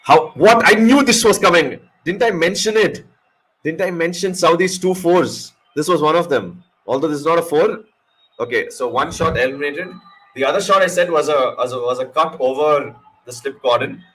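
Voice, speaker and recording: A man hosting a casual live cricket watch-along, excitable and joking, cursing freely at the action. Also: fairly high pitch, normal speed, slightly rough, low-quality recording. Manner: excitable, swears, jokes. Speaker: live stream host.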